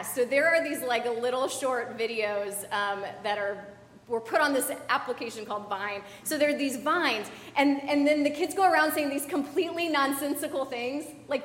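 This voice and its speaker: In an echoey church hall, a young adult woman pastor preaches informally from the sanctuary, peppering her sermon with fillers and side comments to the congregation. She has a high, slightly bright voice.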